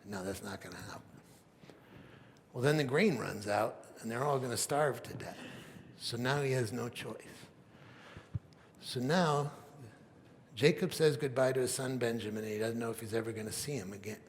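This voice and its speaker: Casual storytelling pastor in reverberant church. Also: male voice, mid-range voice, moderate pace, a little hiss or hum. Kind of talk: sermon, retelling a Bible story. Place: church sanctuary.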